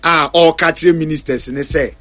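A Ghanaian man with a high voice speaks as a talk show panelist. He makes his critical points while switching between two languages. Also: steady tone, moderate pace, a bit bright. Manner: critical, mixes Twi and English. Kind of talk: political discussion in Twi.

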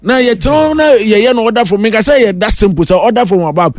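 A Ghanaian man with a high, forceful voice leads a heated political talk segment. His voice comes through close and dry, with no room echo. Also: expressive, racing. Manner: forceful, argumentative, switches between Twi and English. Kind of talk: political discussion in Twi.

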